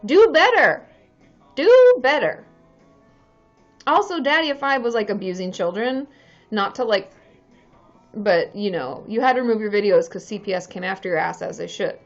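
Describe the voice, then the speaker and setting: Brisk and animated, a woman with a mid-range voice chats casually on her livestream as a licensed therapist, faint music behind her. She's candid, swears freely, laughs often, and the recording is dull lo-fi.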